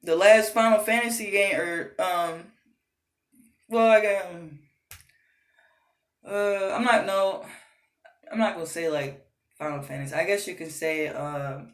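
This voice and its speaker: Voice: medium pitch, fairly even intonation, unhurried, long pauses. A gaming vlogger ranting casually, exasperated and profane, rambling with frequent fillers. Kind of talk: casual rant. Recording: roomy echo.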